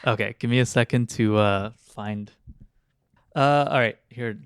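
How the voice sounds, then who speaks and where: A man's voice: mid-range voice, measured pace, clear, resonant tone, dry recording. A man co-hosting a podcast in a laid-back, wry, slightly hesitant chat. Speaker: podcast co-host.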